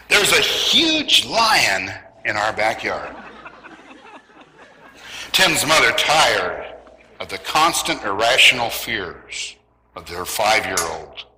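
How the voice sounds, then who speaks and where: A man's voice: medium pitch, bright, forceful tone, big-room sound, slight background noise, low-quality recording. A man preaching a sermon in a church, telling stories with a light, joking touch. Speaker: pastor. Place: church in Southern California.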